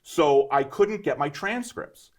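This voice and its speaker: A man in his fifties, a guest entrepreneur, telling his story in a casual, animated interview and often checking in with "right?". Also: on the high side, takes it slowly. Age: 50s. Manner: animated, emphatic, keeps adding "right?".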